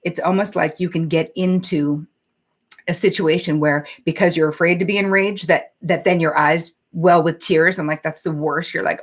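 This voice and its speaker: A woman's voice: deep voice, steady tone, normal speed. A woman psychotherapist hosting a live-streamed talk, speaking candidly and conversationally, swearing casually and reading out viewer comments as she goes. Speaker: psychotherapist and show host.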